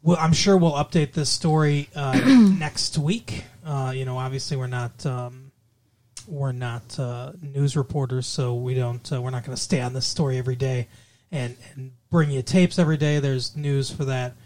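A man co-hosting a casual news-chat podcast, his voice sitting at an ordinary middle pitch. He rambles through stories with plenty of fillers and restarts. Now and then he turns dryly sardonic. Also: steady tone, moderate pace, darkish tone. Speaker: podcast co-host.

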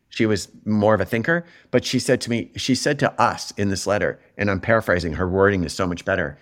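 A middle-aged man talking as an interview guest, telling a personal story in a reflective, animated way, his voice jumping up when he is moved. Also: lowish voice. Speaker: interview guest, television writer.

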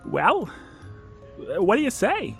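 A man's voice: high voice, wildly swooping pitch, slow, vocal fry, a bit bright, faint music behind, full character voice. A man voicing a nervous young man who stammers, laughs nervously and turns tearful while proposing, in audio drama acting.

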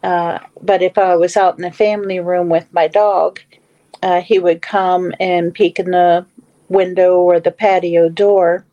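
A woman's voice: fairly low pitch, level tone, a little slow, mellow, highs cut off. A middle-aged woman telling a personal story as a guest in a casual talk, with many fillers and restarts. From Western Pennsylvania / Ohio area.

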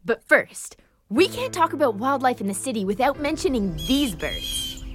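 A woman hosting a children's wildlife show, narrating from a script in a bubbly, playful and expressive way. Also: high-pitched, normal speed, over music. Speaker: show host.

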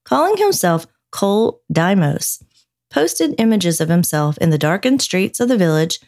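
A woman's voice: fairly low pitch, big pitch swings, moderate pace, a little mellow. A woman co-hosting a podcast who reads news stories aloud and teases her co-host, laughing often. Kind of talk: casual chat and reading news aloud.

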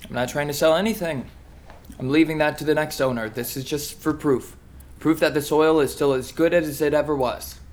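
A man's voice: fairly high pitch, fairly even intonation, normal speed, slight background noise, close to an everyday voice. A young man playing a guarded, resentful farmer in an audio drama, curt and dryly sarcastic.

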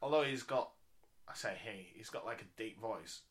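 A man's voice: fairly low pitch, moderate pace, a bit bright. A man co-hosting a casual podcast chat, dry and wry, steering the talk along. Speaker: podcast co-host.

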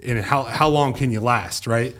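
A man's voice: mid-range voice, moderate pace. A man in his thirties, a former pro football player and a podcast guest, telling stories in casual chat, acting out what people said and swearing freely. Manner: animated storyteller who acts out quoted speech, swears casually.

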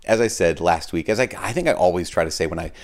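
A man, a priest giving a conversational homily and podcast message. He tells stories in a lively, informal way, with fillers and self-deprecating asides. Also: sits low, fast talker. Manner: animated storyteller, acts out quoted people in a raised voice.

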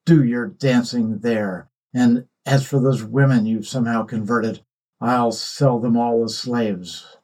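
A man voicing an arrogant young king who mocks, threatens and shouts. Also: lowish voice, measured pace, husky. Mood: angry, mocking.

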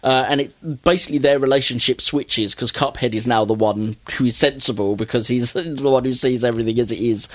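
A man's voice: mid-range voice, brisk, hardly any pauses. A man casually recapping a cartoon episode, acting out the characters' lines as he goes. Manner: animated storytelling, acting out characters' lines with raised voice. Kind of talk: casual chat.

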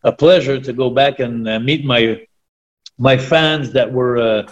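A man's voice: medium pitch, a little slow, lo-fi sound. A man with a French Canadian accent, a native French speaker, chatting as an interview guest and rambling with many restarts and fillers. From Quebec, Canada. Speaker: retired pro wrestler guest. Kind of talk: casual interview chat.

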